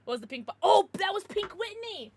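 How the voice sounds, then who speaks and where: A woman streamer chatting casually with her viewers, excitable and swearing freely. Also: very high voice, a little fast, slight background noise. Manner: laughs and gasps often. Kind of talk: casual livestream chat with viewers.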